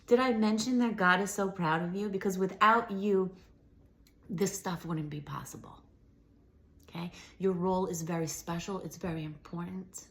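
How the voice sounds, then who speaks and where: A slightly hoarse woman giving a gentle, affirming spiritual message to viewers, sometimes dropping to a whisper. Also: lowish voice, steady tone, moderate pace. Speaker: spiritual channeler. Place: at home.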